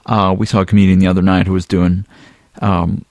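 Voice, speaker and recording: A man co-hosting a podcast, relaxed and chatty with plenty of ums and uhs. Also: low voice, a little fast, dry recording, studio quality. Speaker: podcast co-host. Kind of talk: casual podcast chat.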